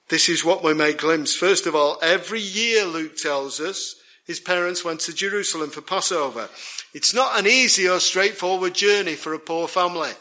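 A man's voice: fairly high pitch, sharp tone. A man preaching a sermon, earnest and emphatic, repeating key words for weight.

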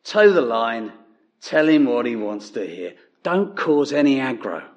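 Chipper Cockney cabbie, played lightly by a male preacher, coaxing and hushed. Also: medium pitch, very animated, a little slow, lo-fi sound.

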